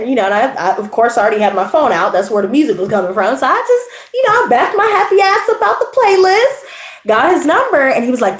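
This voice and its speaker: A woman with a high voice chats casually with her live audience, animated, profane and full of slang. She laughs often and tells her story with lots of energy. The room around her gives a noticeable echo. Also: moderate pace. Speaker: tarot channel host.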